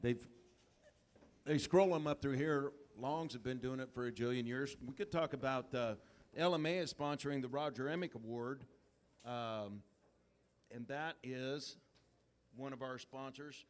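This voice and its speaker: A man's voice: medium pitch, normal speed. A man speaking casually at a livestock auction, talking with some hesitation between thoughts. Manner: hesitant, with fillers and restarts. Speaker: auction announcer. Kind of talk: casual commentary. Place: livestock sale barn.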